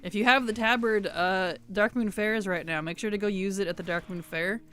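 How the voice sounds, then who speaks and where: Brisk and fairly bright, this streamer's medium-pitched voice keeps a fairly even intonation. She plays a game while casually rambling with her audience, reading out chat comments and responding to each.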